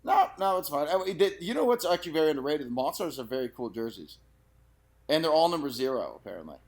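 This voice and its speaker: A young man co-hosting a casual sports podcast, excitable and quick to quote old movie lines. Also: a little high. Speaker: podcast co-host.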